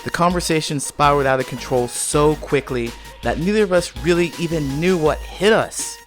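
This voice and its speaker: A man's voice: fairly high pitch, normal speed, faint music behind. A man hosting a podcast, telling a personal story in a monologue and acting out the scenes. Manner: animated, reenacts scenes with voiced quotes. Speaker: podcast host.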